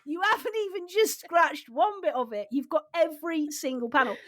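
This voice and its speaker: A woman voicing an exasperated young man, shouty and incredulous, as she tells a road trip story. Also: sits high, lively intonation, moderate pace, heavy background noise, pitched above the performer's own voice.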